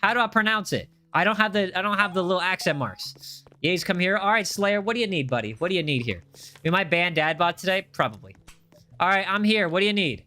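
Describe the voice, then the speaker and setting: A man's voice: high voice, animated, fairly quick, sharp tone. A man hosting a live gameplay stream, reading chat aloud and chatting in a playful, teasing way. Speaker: gaming livestream host.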